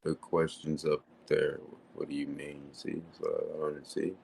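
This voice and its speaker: Deep-voiced combative livestream host. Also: male voice, monotone, measured pace, gravelly, a little mellow, slight background noise. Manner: repetitive, taunting, insistent.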